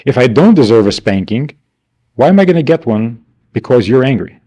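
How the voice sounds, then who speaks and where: A rabbi gives a class with a lively pitch that swings up and down. He speaks rhetorically and plays out the voices of the people he quotes. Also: brisk. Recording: archival 1992 class recording.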